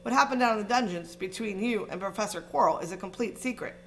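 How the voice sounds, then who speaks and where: A woman reading aloud, voicing a kindly old male headmaster wizard who speaks in a calm, measured, gently wry way. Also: mid-range voice, slight background noise, lightly acted.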